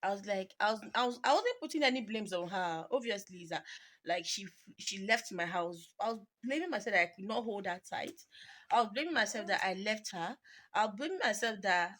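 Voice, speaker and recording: A woman's voice: medium pitch, animated, brisk, a bit bright. A young Nigerian woman, a mother vlogging, telling an emotional, rambling story to her viewers in English mixed with Pidgin. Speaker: mommy vlogger. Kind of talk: personal storytelling to camera. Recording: noisy home video recording.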